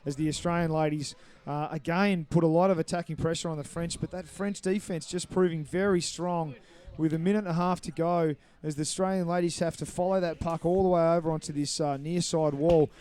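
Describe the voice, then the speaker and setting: A man giving live play-by-play commentary on a match, brisk and explanatory, walking listeners through the referee's calls. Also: a little high, fairly even intonation, a little mellow, clean tone. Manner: brisk, explanatory, apologetic over names.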